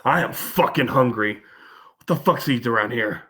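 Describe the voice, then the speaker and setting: A crude, swaggering cop grumbling gruffly and profanely, played by a man doing a voice. The voice sits at a middling pitch. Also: normal speed, pushed and bright, natural voice. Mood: griping.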